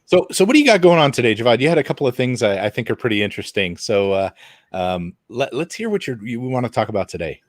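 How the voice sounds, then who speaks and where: A man's voice: mid-range voice, big pitch swings, fast, no room sound, clean studio sound. A man co-hosting a casual podcast, bantering in an easygoing, playful way. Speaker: podcast co-host.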